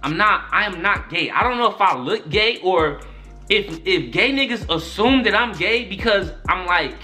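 A man's voice: sits high, lively intonation, normal speed, bright, forceful tone, faint music behind. A young man telling a story-time tale in casual, profane slang, often repeating "son" and "my nigga". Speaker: YouTube storyteller.

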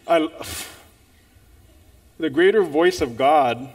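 A man preaching a sermon in church, telling a story in an animated way and calling out to the congregation. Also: fairly high pitch, drawn-out words, gravelly.

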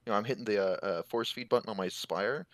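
A man's voice: fairly low pitch, a bit bright, no echo. Laid-back man, dry close sound. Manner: laid-back, self-deprecating, halting with "uh". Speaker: podcast co-host. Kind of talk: casual storytelling chat.

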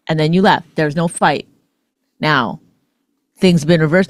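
A woman's voice: sits low, a little slow, no room sound. A woman with a Canadian accent co-hosting a podcast in casual chat, pressing her point with pointed, probing questions. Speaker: podcast co-host.

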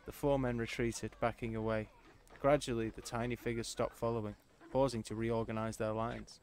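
A man reading a science fiction short story aloud in steady, even narration. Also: medium pitch, normal speed, slight background noise. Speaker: audiobook narrator.

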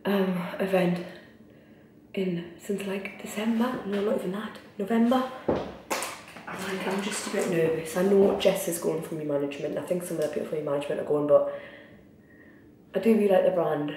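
In this get-ready-with-me vlog, a young woman with a Newcastle Geordie accent rants, swears freely and talks openly. She speaks at a moderate pace in a warm, fairly low voice, captured on a noisy, distant, echoey recording.

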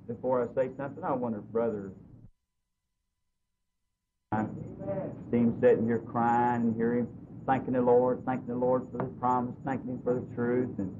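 A man preaching in a church, telling a personal story earnestly, his voice swinging between loud and soft. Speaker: pastor. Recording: dull lo-fi recording with faint hiss and rumble.

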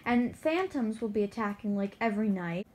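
A woman's voice: mid-range voice, expressive, normal speed, a little mellow. A woman co-hosting a gaming video, chatting in a playful, teasing way as she plays. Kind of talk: casual gameplay chat.

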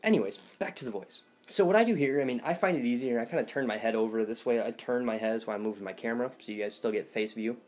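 A man's voice: medium pitch, fast talker, few pauses, a little mellow. A young man giving a casual, rambling video tutorial on voice impressions, full of fillers and self-deprecating asides. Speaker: voice impressions teacher. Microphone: phone or webcam.

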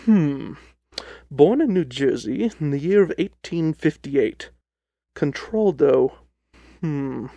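Brief: a man playing an unhurried, dry-witted detective for radio drama, slightly high voice, close dry mic. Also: animated, creaky, warm tone, dry recording, dull audio, heavily acted. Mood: musing. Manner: dry, clipped, understated. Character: cool, languid male detective.

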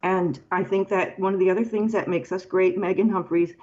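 A woman's voice: fairly low pitch, fairly even intonation, fairly quick, highs cut off. A woman resident giving appreciative public comment at a town forum. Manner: warm thanks, appreciative.

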